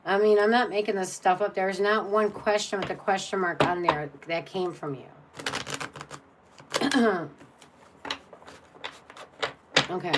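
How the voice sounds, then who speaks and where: A woman's voice: medium pitch, fairly even intonation, moderate pace, very noisy. Blunt, rambling woman tarot reader. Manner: blunt, exasperated, rambling with many restarts. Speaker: tarot reader on a live stream. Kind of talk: casual live-stream chat.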